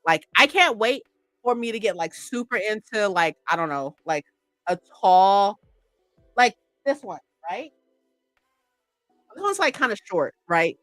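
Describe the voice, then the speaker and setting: A woman's voice: mid-range voice, very animated, unhurried, long pauses, a bit bright, no echo, soft background music. A woman chatting on a livestream, rambling and gushing with lots of "like" and "right?". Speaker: streamer. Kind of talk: casual livestream chat.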